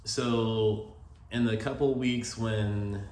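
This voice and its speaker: Deep-voiced man rambling through a personal story. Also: fairly even intonation, drawn-out words, a little mellow. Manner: rambling, many "like" fillers, emotional. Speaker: vlogger telling stories about his late partner. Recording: roomy echo with faint ambient noise.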